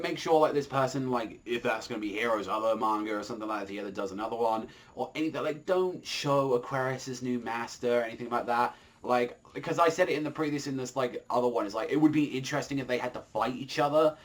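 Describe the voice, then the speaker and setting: Guy rambling thru a manga review, lots of likes and swearing, mid pitch. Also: fairly bright tone. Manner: rambling, filler-heavy, swears freely.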